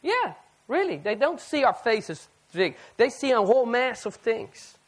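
A man preaching a sermon to a live audience, animated and firing rhetorical questions at the listeners. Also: very high voice, a little slow.

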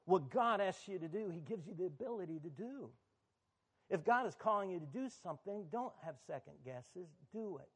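A man's voice: high-pitched, expressive, moderate pace, breathy edge. A man, the pastor of a church, preaching a sermon in a conversational, sometimes emphatic way.

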